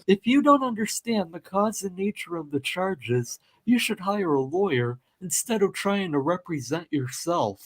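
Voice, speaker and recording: A man's voice: high voice, very animated, unhurried, hardly any pauses. A man hosting a live reaction video, commenting in a sarcastic, exasperated way. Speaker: host.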